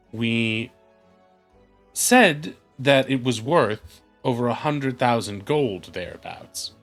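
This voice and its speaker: A man's voice: mid-range voice, fairly bright tone, heavily acted. Man playing haughty scolding banker Violetta. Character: indignant female noble banker Violetta, haughty.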